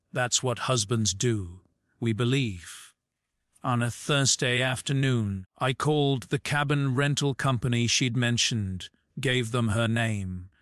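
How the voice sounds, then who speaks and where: Slow, measured male audiobook narrator. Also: medium pitch, a bit bright, dry recording, studio quality. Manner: measured, restrained. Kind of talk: scripted first-person audiobook narration.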